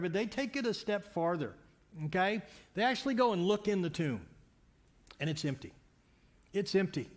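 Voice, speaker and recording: A man preaching as a pastor in a church, telling a story conversationally with frequent restarts and repeated words. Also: high voice. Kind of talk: sermon.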